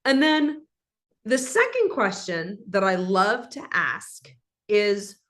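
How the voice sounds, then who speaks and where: A woman guest on an interview show explains her advice in an animated, instructive way. Her voice sits in an ordinary middle pitch for a woman. She talks like a coach walking a listener through examples. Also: slow pace. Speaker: guest, leadership speaker. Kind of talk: conversational interview.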